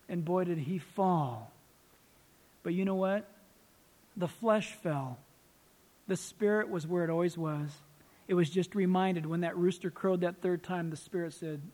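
A man preaching a sermon as pastor, animated and acting out little scenes. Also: sits high, unhurried, pauses often, long reverb tail.

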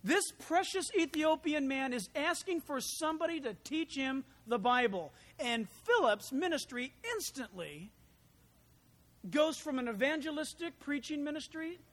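A man preaching a sermon in an animated, conversational way, full of asides and rhetorical questions. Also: extremely high pitch. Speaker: pastor.

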